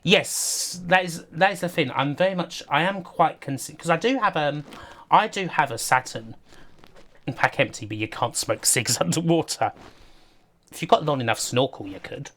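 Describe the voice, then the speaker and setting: A man's voice: on the high side, normal speed, a bit bright. A man giving casual, rambling livestream commentary over a game, laughing often and talking to his chat. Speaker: streamer.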